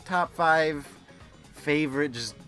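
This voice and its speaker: A man's voice: a little high, slow, bright, forceful tone, faint music behind. A young man giving casual, teasing commentary while playing a game he loves. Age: young adult. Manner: playful, teasing, enthusiastic. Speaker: let's play host.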